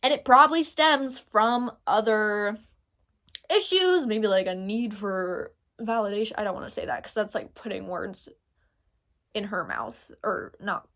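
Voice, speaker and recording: Rambling commentary comes from a young Texas woman who thinks aloud and fills her speech with filler words. She talks at a measured pace in a medium-pitched, somewhat bright voice.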